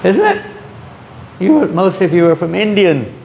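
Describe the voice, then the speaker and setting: Lively, gravelly man giving a scripture talk. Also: high-pitched, normal speed, echoey room, highs cut off, slight background noise. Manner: lively, acts out quoted voices. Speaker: spiritual teacher.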